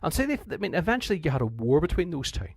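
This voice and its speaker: A man's voice: fairly high pitch, very animated, very fast, breathy edge, no echo. A man with a Northern Irish accent, a history teacher giving a conversational revision lecture who often restarts his sentences and acts out quotes.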